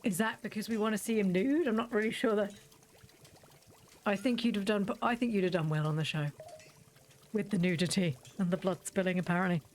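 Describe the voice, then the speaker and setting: A woman's voice: medium pitch, brisk, a little mellow, a little hiss or hum. A woman streamer giving casual gameplay commentary, chatty and joking, laughing often.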